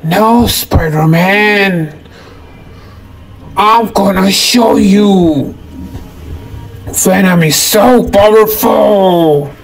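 A man voicing a boastful male alien villain creature in a toy-figure story, making slow threats. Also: sits high, soft background music, heavily acted.

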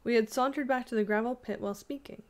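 A woman's voice: on the high side, fast talker, a little mellow. Woman reading a ghost story aloud.

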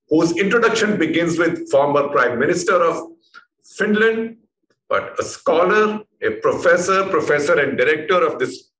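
A man hosting an interview, with a voice a little higher than most men's. He introduces his guest and asks long, winding questions full of fillers, recorded in an echoey room with a faint hiss behind him. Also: fairly bright tone. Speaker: interview host.

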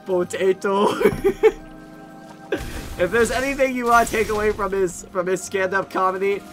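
A man's voice: sits high, fairly bright tone. A male streamer chatting casually while playing a game live, giggling often and swearing freely as he rambles.

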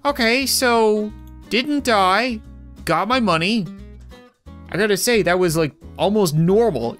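A man's voice: sits high, a bit bright. A man giving casual, joking gameplay commentary, rambling and self-deprecating as he plays. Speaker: gaming YouTuber.

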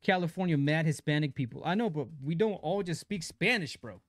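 A man's voice: a little high, expressive, brisk, no echo, studio quality. A young man live-streaming a mobile shooter, chatting casually in slang while greeting viewers and reading chat aloud.

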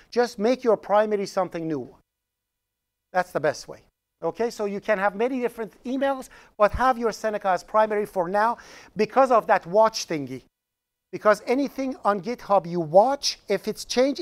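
A man lecturing a college programming class, talking straight to his students and joking with them as he goes. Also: sits high. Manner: joking, animated lecturer addressing students directly.

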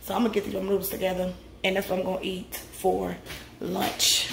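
A woman's voice: medium pitch, little pitch movement, brisk, creaky, reverberant, slight background noise. A woman in her thirties chatting casually to her viewers in a vlog, tired from her workout and calling them "y'all". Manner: chatty, talks straight to viewers with lots of "y'all" and "you guys". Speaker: vlogger documenting a fitness journey. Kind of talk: casual vlog chat to camera.

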